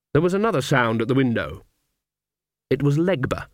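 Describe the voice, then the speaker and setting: A male audiobook narrator who tells the story in a measured, wry manner. His voice sits at an ordinary pitch for a man and is recorded close and very dry in a studio, with no room sound. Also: very animated, no echo.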